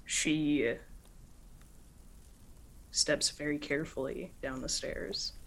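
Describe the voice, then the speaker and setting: Slow, low-voiced woman narrating a game. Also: steady tone, fairly bright tone. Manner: casual, many filler "like"s. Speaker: game master.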